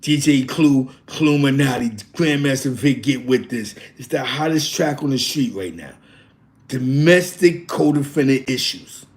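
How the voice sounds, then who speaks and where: A man hosting a stream, repeating hype lines and giving shoutouts like a mixtape DJ. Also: mid-range voice, animated, measured pace. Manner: repetitive hype, lots of shoutouts. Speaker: host.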